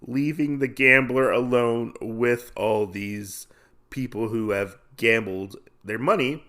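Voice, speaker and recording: A man in a mid-range voice recaps a comic story for his podcast. His talk is relaxed and loose, full of "uh"s and restarts as he works through the plot. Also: medium pitch, slow. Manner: rambling, with many fillers. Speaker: podcast host. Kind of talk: casual comic-book recap.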